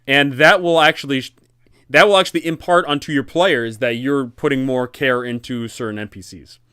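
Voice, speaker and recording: A man hosting a casual tabletop-game advice talk, animated and rambling, correcting himself often. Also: mid-range voice, normal speed, clear, resonant tone, no room sound, clean studio sound. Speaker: dungeon master and channel host.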